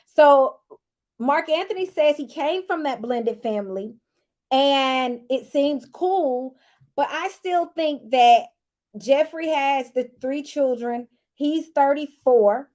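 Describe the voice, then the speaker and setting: High-voiced woman, sassy recap vlogger, casual and teasing. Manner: sassy and animated, teasing asides. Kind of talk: casual chatty commentary.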